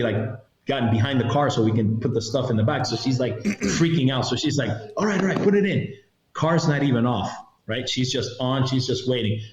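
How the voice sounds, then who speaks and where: A man being interviewed, telling a story with lots of energy and acting out the other people in it with raised voices. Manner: lively, acts out the people in his story with high voices. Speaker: retired federal agent, guest. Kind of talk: animated storytelling in a podcast interview. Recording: roomy, slightly dull sound.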